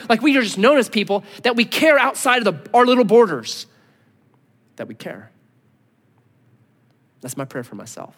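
A man in his thirties preaching a sermon, telling a story with lively voices, then dropping to quiet, earnest tones. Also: high voice, normal speed, long pauses. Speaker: pastor. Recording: long hall reverb.

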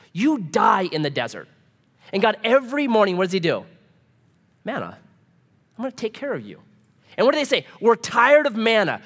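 A pastor preaching a casual, humorous sermon, full of rhetorical questions. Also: male voice, sits high.

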